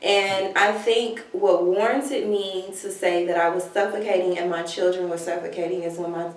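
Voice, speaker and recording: A woman's voice: lowish voice, fairly even intonation, normal speed. A woman speaking candidly in a casual chat, telling an earnest personal story as a guest. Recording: echoey room, distant mic.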